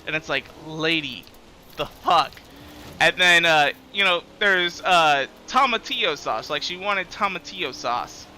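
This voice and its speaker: A man's voice: sits high, lively intonation, normal speed, few pauses, bright, forceful tone, soft background music. A young man live-streaming a game, chatting casually in a rambling, profane way and chuckling often.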